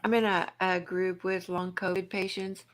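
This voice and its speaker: A woman with a low, rough voice, chatting casually as a guest on a livestream. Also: little pitch movement, moderate pace. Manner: chatty, worried about her voice after illness.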